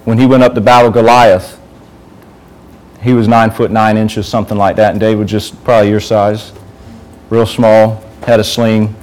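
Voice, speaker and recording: A man's voice: on the low side, flat delivery, normal speed, a little mellow, rough recording. A man giving an informal sermon to a youth group, talking conversationally and asking the group questions.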